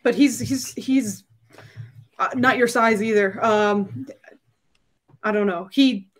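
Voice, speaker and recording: A woman's voice: mid-range voice, slow pace. A woman voicing a frightened, remorseful man freed from mind control, who stammers out apologies. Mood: panicked.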